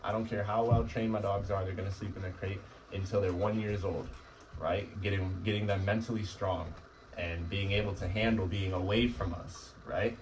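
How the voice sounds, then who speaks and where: A man's voice: deep voice, steady tone, normal speed, far from the mic, slight background noise, rough recording. A man who trains dogs, explaining crate training casually and often asking "right?". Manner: conversational, often asks "right?". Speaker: dog trainer. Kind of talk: casual instructional talk.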